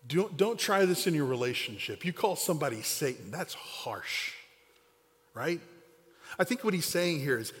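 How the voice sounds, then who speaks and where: A man's voice: a little high, lively intonation, moderate pace. A man preaching a sermon, telling stories in a conversational way and acting out the quoted lines. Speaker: pastor. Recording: long hall reverb.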